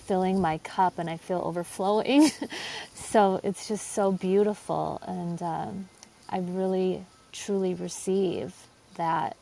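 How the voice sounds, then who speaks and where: A woman's voice: lowish voice, fairly even intonation, takes it slowly, creaky, mellow, a little hiss or hum. A woman psychologist talking as a podcast guest from her porch, effusive and heartfelt, with lots of filler words. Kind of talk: heartfelt spiritual conversation. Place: home porch.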